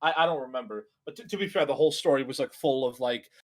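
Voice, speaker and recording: Speaking fast in a mid-range voice, this young co-host riffs casually while reacting to a video. He rambles, curses and leans heavily on filler words.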